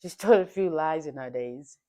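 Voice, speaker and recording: A woman's voice: low voice, normal speed, mellow. A woman hosting a live stream, chatting casually and teasing her friends with plenty of laughter. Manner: playful, teasing, laughs often. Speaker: livestream host. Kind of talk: casual chat.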